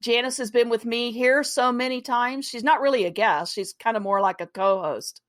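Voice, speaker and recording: A woman's voice: on the high side, normal speed, fairly bright tone, dry recording, clean studio sound. A woman hosting a podcast, talking casually with asides to listeners and easy laughs. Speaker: podcast host.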